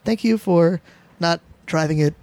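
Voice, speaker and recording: A man's voice: on the high side, measured pace, darkish tone. A man hosting a casual podcast and reading out news, laid-back and chatty with many hesitations. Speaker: podcast host presenting news. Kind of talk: casual chat.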